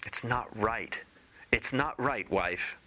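A man's voice: mid-range voice, takes it slowly, sharp tone. A man voicing a meek, reluctant fisherman who pleads with his greedy wife in a storybook reading. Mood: pleading. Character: meek, fearful old fisherman, content with little.

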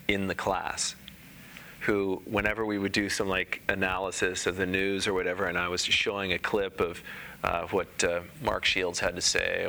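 A man giving a Dharma talk in a halting, conversational way, pausing often and restarting sentences. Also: low-pitched, gravelly, pushed and bright, a little hiss or hum. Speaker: Dharma teacher. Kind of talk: Dharma talk with personal anecdote.

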